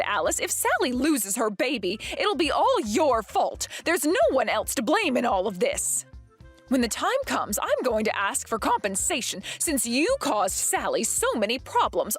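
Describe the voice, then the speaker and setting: A woman's voice: a little high, huge pitch swings, moderate pace, slightly rough, faint music behind, full character voice. A woman voicing a domineering middle-aged mother-in-law who accuses and bullies, in a dramatized text-message story. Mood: bullying. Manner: accusing and self-righteous.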